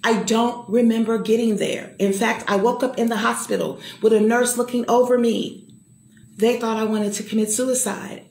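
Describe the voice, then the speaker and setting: A woman's voice: a little high, fairly even intonation, moderate pace, gravelly, darkish tone, echoey room. A middle-aged woman giving an emphatic, preacher-like personal testimony and calling out to the listener. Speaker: motivational speaker.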